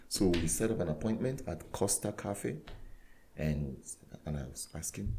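A man, a clergyman guest, telling a story in conversation with earnest, animated retelling that acts out dialogue. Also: deep voice, moderate pace, a little hiss or hum. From Nigeria.

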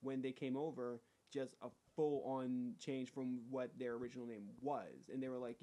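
A man's voice: mid-range voice, normal speed, few pauses. A man chatting casually as a podcast co-host, jokey and acting out people in his stories. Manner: animated, jokey, acts out voices in stories. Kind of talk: casual chat.

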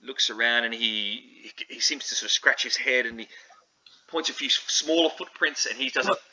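Guy game-mastering a tabletop rpg, really sharp tense voice, stumbles and restarts a lot. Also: medium pitch, moderate pace, highs cut off. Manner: hesitant, full of restarts while describing scenes.

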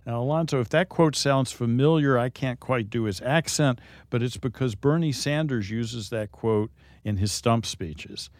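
A man's voice: medium pitch, moderate pace, few pauses, dry recording. A man hosting a talk show and explaining a topic in a lightly teasing, instructive way. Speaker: host.

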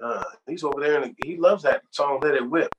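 A man voicing another man, eager and quick in casual talk. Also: fairly high pitch, natural voice. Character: a singer's brother, eager middle-aged man. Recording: noisy background hiss.

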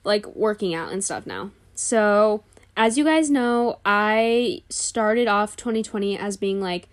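A woman's voice: medium pitch, slow pace. Chatty young woman podcast host. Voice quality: chatty, full of "like" fillers. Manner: candid, confessional storytelling. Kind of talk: casual podcast monologue.

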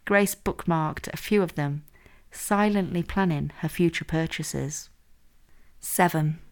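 A woman calmly narrating an erotic story. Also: low voice, takes it slowly. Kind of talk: read-aloud erotic story.

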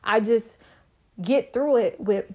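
A young woman hosting her own podcast, telling her story in a bubbly, talkative, casual way. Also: takes it slowly. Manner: bubbly, talkative, expressive with sudden high pitch jumps. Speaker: podcast host.

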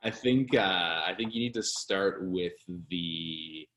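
Male co-host, very low voice, calm and measured in casual chat. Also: slight background noise. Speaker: podcast co-host.

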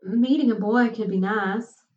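A woman's voice: on the high side, measured pace, echoey room, far from the mic, highs cut off, voice pushed up, natural voice. A woman voicing a shy, sheltered college girl. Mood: timid. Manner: timid and hesitant.

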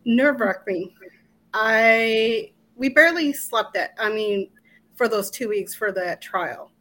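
A middle-aged woman, an interview guest, recounting a personal ordeal in a halting way with restarts and quoted asides. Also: on the high side, a bit bright. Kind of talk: emotional personal recollection.

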